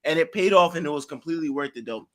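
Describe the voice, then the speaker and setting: A man co-hosting a casual podcast chat, talking excitedly with loose slang and free swearing. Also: on the high side, fast talker. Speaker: podcast co-host.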